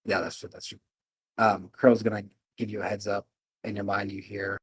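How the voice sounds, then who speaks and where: A man narrating a tabletop game as game master, calm and a little hesitant. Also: on the low side, normal speed, slightly rough, dry recording.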